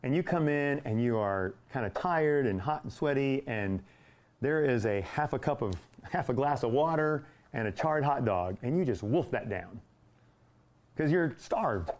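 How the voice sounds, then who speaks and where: A man leads a church Bible class with a folksy, animated delivery. His voice sits at an ordinary middle pitch, and he keeps the talk conversational, acting out little everyday scenes for his listeners. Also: a little slow. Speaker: church teacher.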